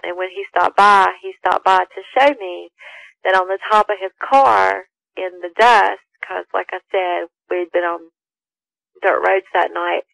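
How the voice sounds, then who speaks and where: A woman caller recounting a frightening personal encounter in a halting, emotional way. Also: mid-range voice, fairly even intonation, creaky, a bit bright, no room sound, rough recording.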